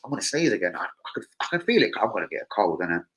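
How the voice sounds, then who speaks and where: A man's voice: on the low side, sing-song, rapid-fire, fairly bright tone, breathy edge, low-quality recording. A man hosting a live stream, chatting casually in a rambling, slang-heavy way and swearing freely. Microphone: streaming setup mic.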